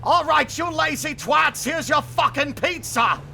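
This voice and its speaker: A man voicing a huge, clumsy, apologetic monster who delivers pizza, in a loud, high, over-eager squawk. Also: animated, a little slow, vocal fry, exaggerated voice. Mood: brash. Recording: noisy with game car sounds.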